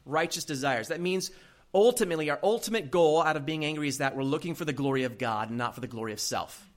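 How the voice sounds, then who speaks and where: A male pastor preaching a sermon, telling a story in an animated way and laughing often. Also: on the high side, quick pace.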